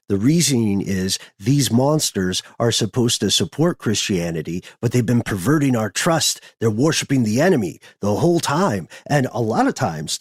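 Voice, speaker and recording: A man's voice: fairly low pitch, no room sound, clean studio sound. A man hosting a podcast, explaining history in a conversational, thinking-aloud way. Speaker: podcast host.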